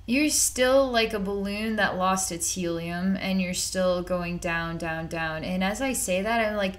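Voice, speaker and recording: A woman's voice: medium pitch, unhurried, hardly any pauses. Rambling woman giving a psychic reading. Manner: rambling and repetitive, conversational, with slang. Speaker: psychic reader.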